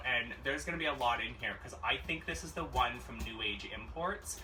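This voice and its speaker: A man's voice: medium pitch, lively intonation, moderate pace, hardly any pauses, very noisy. A young man chatting playfully on a casual haul vlog, with campy sing-song exclamations. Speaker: vlogger. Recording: echoey room, distant mic, loud music. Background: loud background music.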